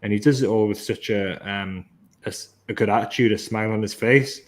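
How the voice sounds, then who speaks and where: A man hosting a football podcast, talking through the match in a measured, analytical and enthusiastic way. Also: lowish voice. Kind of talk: casual football podcast chat.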